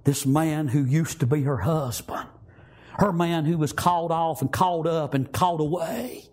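A man's voice: on the high side, moderate pace, a little mellow. A man preaching a sermon as a story, fervent and repetitive, punctuating it with amens and praise.

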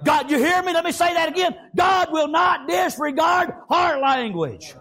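Preacher man, really high voice, shouting, amen after everything. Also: expressive, normal speed, vocal fry. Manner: fervent, shouting, with a constant "amen". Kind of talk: sermon.

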